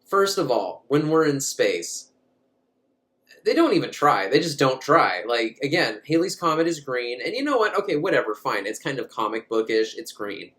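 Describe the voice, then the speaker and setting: A man's voice: mid-range voice, very animated, normal speed, a bit bright. A man recapping a movie in a casual, comic way, rambling, swearing and often laughing. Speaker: movie reviewer.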